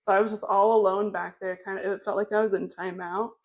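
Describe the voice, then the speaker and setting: Woman, podcast co-host, casual story, rambling, many fillers, laughs often, medium pitch. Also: little pitch movement, quick pace, highs cut off.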